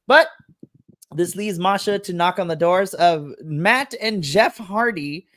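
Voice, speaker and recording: A man's voice: sits high, slow, a bit bright, dry recording. A man co-hosting a wrestling podcast, chatting casually and gushing enthusiastically as he recaps.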